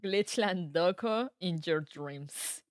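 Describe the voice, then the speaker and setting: A woman's voice: fairly low pitch, takes it slowly, no echo. A woman streaming, chatting casually with her viewers in a rambling way, with frequent laughs. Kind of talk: casual live-stream chat. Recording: music playing behind.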